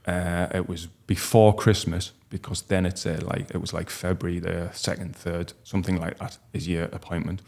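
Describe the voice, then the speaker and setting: A man, telling a personal story as a podcast guest in a halting, heartfelt way with many restarts. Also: low voice, flat delivery, vocal fry, darkish tone. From North East England. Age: 40s.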